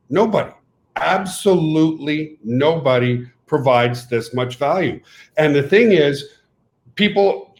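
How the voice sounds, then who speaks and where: A middle-aged French Canadian man whose native language is French hosts a video call as a company CEO. His sales pitch is rambling and animated and keeps breaking into laughter.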